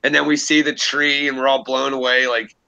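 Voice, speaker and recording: A young man hosting a livestream, telling a long story in a casual, profane, animated way. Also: mid-range voice, fairly quick, gravelly, smooth, low-quality recording. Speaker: livestream host.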